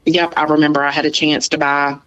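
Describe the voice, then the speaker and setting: Call-in guest, man with a higher voice, halting and thoughtful, muffled dry remote audio. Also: level tone, crowd noise. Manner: thoughtful, hesitant starts. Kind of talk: casual chat.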